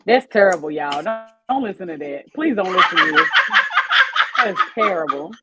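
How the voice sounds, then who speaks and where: Lively animated woman co-host. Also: fairly low pitch, moderate pace, loud music behind the voice. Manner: animated, laughs often. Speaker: podcast co-host. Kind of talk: casual chat.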